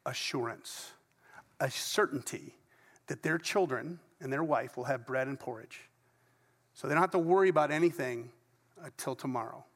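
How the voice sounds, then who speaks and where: A man's voice: mid-range voice, normal speed, a bit bright. A middle-aged male pastor preaching a sermon to his congregation in conversational storytelling style, with asides. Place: church sanctuary before a congregation. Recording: long reverb of a large church hall.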